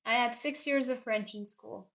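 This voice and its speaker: Chatty young woman streamer, slightly high. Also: normal speed, vocal fry, a bit bright. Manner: chatty, rambling, answers chat questions. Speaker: chess streamer and commentator. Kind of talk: casual live-stream chat.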